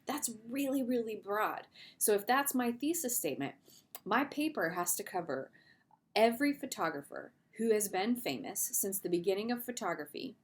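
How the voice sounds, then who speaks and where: A woman's voice: mid-range voice, animated, moderate pace. A middle-aged woman, an English teacher, giving a recorded video lesson in a casual, conversational way with fillers and asides.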